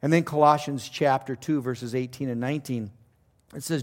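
A middle-aged or older man, a pastor preaching a conversational sermon with animated storytelling. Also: medium pitch, moderate pace.

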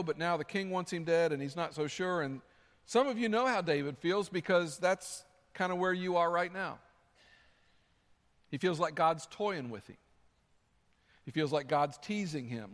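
A male pastor with a notably high voice preaches in a big hall with long reverb. He tells his stories animatedly, slipping into acted-out quotes. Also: fairly bright tone. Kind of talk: sermon.

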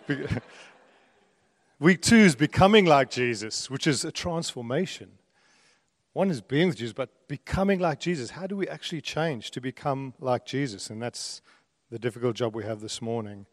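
A middle-aged man with a South African accent softened by his years in Australia, preaching a sermon in a conversational way with joking asides, building intensity when he reads scripture. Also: medium pitch, normal speed, clean studio sound. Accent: South African, softened by long years in Australia. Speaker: pastor. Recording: long reverb of a church hall.

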